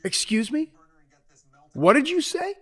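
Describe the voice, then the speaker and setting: An actor playing a troubled male prisoner who swings between angry outbursts and regretful narration, with a slightly husky voice. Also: extremely high pitch, sing-song, slow, a bit bright, no room sound, exaggerated voice. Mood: volatile. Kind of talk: audio drama with first-person narration.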